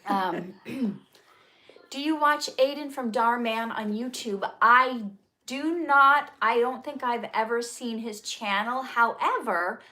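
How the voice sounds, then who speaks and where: Bright, chatty woman hosting a Q&A. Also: on the high side, slow. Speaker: host and actress. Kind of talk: casual livestream Q&A chat.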